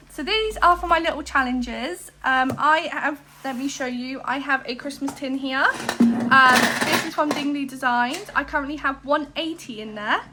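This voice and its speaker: A woman's voice: sits high, pushed and bright. A woman, chatting casually to camera as a budgeting vlogger, rambling with many fillers and asides. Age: 20s. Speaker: cash stuffing vlogger.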